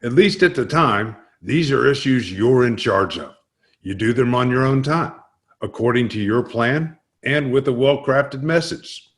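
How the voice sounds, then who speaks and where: Man, co-host, measured explanation, mid pitch. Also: expressive. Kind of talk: scripted explanation.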